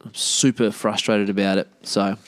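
A man's voice: on the low side, level tone, moderate pace, dry recording. An Australian man hosting a podcast, chatting casually on his own in a blunt, sweary, rambling way. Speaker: podcast host. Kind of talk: casual solo podcast chat.

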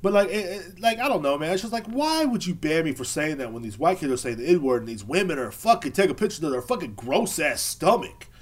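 A man's voice: fairly high pitch, sing-song, fairly quick, few pauses, breathy edge. A man hosting his own podcast, ranting casually in a rambling, profane way full of fillers. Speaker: podcast host. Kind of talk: casual rant.

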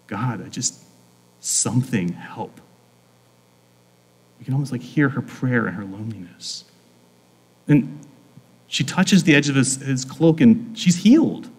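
Male pastor, mid-range voice, earnest and informal, preaching in a big echoing hall. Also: medium pitch. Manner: earnest, informal, frequent "like" fillers. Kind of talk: conversational sermon.

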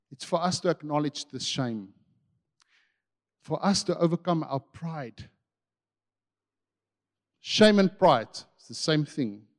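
A man preaching a sermon with passion, swinging between loud and hushed. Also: on the high side, in a large hall.

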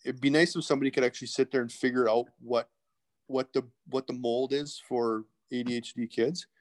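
A man's voice: mid-range voice, fairly even intonation, brisk. A middle-aged man, a guest telling candid stories in a rambling way, full of restarts and asides. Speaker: podcast guest. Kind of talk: casual interview storytelling.

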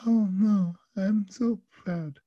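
A woman's voice: fairly even intonation, dry recording, lo-fi sound. A man doing a tipsy lovesick French girl. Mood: pleading. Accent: attempted French. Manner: high, slow, pleading. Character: tipsy, sad young French woman, lovesick.

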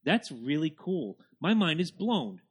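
A man co-hosting a podcast, talking in a somewhat high voice. He is loose and profane and quickly gets excited as he chats. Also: slightly rough. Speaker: podcast co-host. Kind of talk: casual chat.

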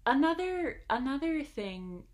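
A woman's voice: high-pitched, sing-song, unhurried. A young woman co-hosting a podcast in casual chat, hedging often with "like" and "I don't know". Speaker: podcast co-host.

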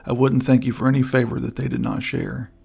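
A man reading the part of a bold frontier scout who speaks low and firm. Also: little pitch movement, fairly quick, creaky, darkish tone, breathy edge. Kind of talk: audiobook character voice.

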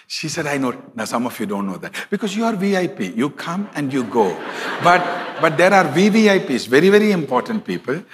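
A middle-aged man preaching a sermon as pastor, emphatic and slowing down to stress scripture. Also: a little high, very animated, big-room sound, background noise.

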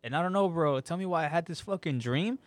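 A man's voice: on the high side, animated, fast talker, no echo. A young man in casual podcast chat, telling a story with lots of slang and swearing and acting out what people said.

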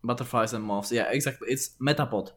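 A man's voice: medium pitch, fast. A man co-hosting a casual podcast, joking around and theorizing with many fillers. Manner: loose and joking, filler-heavy. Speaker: podcast co-host. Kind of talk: casual lore discussion.

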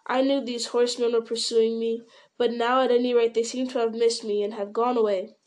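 A woman's voice: fairly high pitch, flat delivery, darkish tone, natural voice. A woman reading as a wary young hobbit. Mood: worried. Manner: guarded, quick to sharpness. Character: wary young male hobbit, guarded and touchy. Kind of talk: audiobook character reading.

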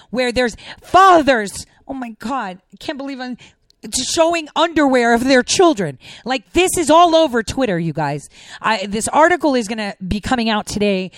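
An impassioned woman commentator pours out a repetitive, outraged monologue, close to tears. Her voice sits on the high side and the sound is dry, with no room echo. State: near tears.

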